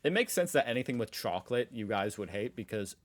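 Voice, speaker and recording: A man's voice: medium pitch, very animated, fast talker, slight background noise. Playful mock-defensive man hosting reactions. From Southern United States. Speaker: reaction video host. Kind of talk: casual reaction commentary.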